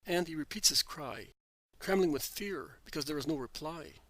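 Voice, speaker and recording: A man giving a measured, earnest scripted narration of a religious text. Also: fairly high pitch, animated, a bit bright, no echo.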